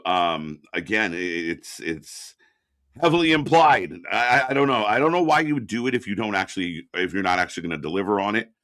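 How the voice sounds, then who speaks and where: Bright, laughing wrestling stream host. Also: male voice, on the low side, expressive, fairly quick, no echo. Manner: greets chat viewers by name, laughs often. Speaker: co-host of a live wrestling watch-along stream. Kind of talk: casual live-stream chat.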